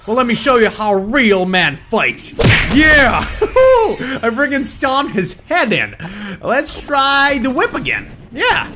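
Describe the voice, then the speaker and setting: A young man giving excited, loud gameplay commentary as a gaming video host. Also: extremely high pitch, takes it slowly, background noise. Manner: hyped, loud exclamations and laughter. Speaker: gaming YouTuber. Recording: background music under voice.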